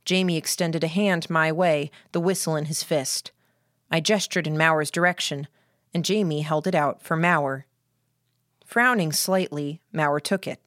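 A woman reading a novel aloud in a steady, even storytelling manner. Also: sits low, a little slow, no room sound, studio quality. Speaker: audiobook narrator. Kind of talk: scripted narration.

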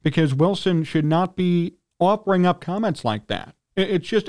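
A fired-up man with a Chicago accent hosting sports talk, his voice sitting fairly high for a man. He rants with indignation, his pitch leaping up whenever he gets worked up, and he keeps clearing his throat. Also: animated, moderate pace. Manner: indignant, ranting, pitch jumps when worked up. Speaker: sports talk radio host. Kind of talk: heated sports talk rant.

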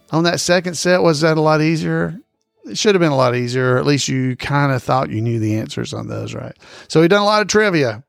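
A man's voice: on the high side, gravelly. A man hosting a casual trivia podcast, repeating each question in a folksy, chuckling way. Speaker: trivia host.

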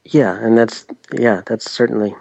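A man's voice: mid-range voice, fairly even intonation, measured pace, creaky, darkish tone, dry recording. A man from Tennessee with no strong accent, answering interview questions modestly and with some hesitation. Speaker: guest blogger.

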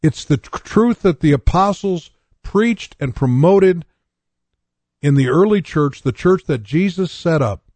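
Earnest older preacher, dry close sound. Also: male voice, on the high side, animated, a little slow, darkish tone, no room sound. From North Dakota. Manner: earnest, personal testimony with scripture reading. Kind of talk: radio sermon.

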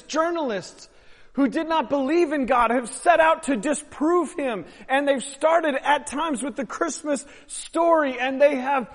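A man preaching a sermon as pastor, emphatic and swelling louder on key phrases. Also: very high-pitched. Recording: long hall reverb.

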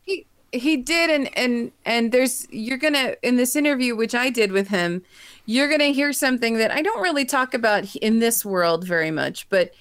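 A woman's voice: a little high, moderate pace, clear, resonant tone, dry recording. Chatty woman co-host, dry sound. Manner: gushing, chatty, animated. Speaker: podcast co-host. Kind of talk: casual chat.

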